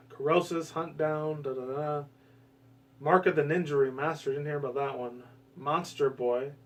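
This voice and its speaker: A man's voice: on the high side, measured pace, far from the mic. Rambling, cursing man, a bit off-mic. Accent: US West Coast. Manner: rambling, swears often, excitable bursts. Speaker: gaming commentary vlogger. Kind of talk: casual gaming commentary.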